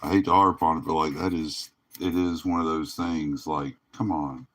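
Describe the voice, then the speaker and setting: A man's voice: a bass voice, steady tone, moderate pace, a bit bright. A tired man hosting a live card break stream, talking in a laid-back, drawling way and laughing often. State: tired, yawning. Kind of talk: casual livestream commentary.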